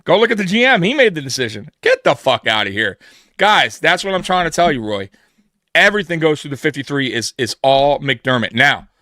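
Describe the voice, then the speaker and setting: A man's voice: fairly high pitch, sharp tone, no room sound, clean studio sound. A man co-hosting a live sports pregame show, talking emphatically and acting out quoted dialogue to make his point. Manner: emphatic, repeats himself, acts out quoted dialogue. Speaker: podcast co-host. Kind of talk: casual sports talk.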